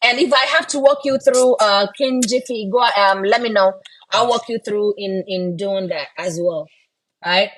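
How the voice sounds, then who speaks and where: A woman's voice: medium pitch, normal speed, a bit bright. A woman and mother chatting on a live stream, encouraging viewers and often ending lines with "right?". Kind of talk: casual live-stream chat.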